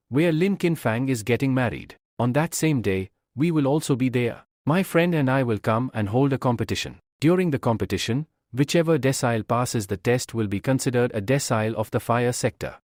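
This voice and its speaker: Proud blunt warrior girl from a comic, read by a guy narrator, bossy questions, lively pitch. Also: brisk, few pauses, no echo, clean studio sound, lightly acted. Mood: haughty. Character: proud young woman warrior elder, wary and blunt.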